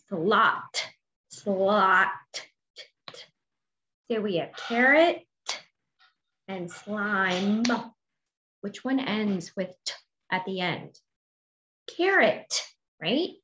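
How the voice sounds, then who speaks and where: A woman teaching a phonics lesson to young children, sounding out letters slowly and encouraging them to answer. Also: medium pitch, animated, a bit bright. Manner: slow, drawn-out sounding of letters and words; encouraging, asks questions and waits. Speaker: kindergarten teacher. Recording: dull lo-fi audio with faint noise.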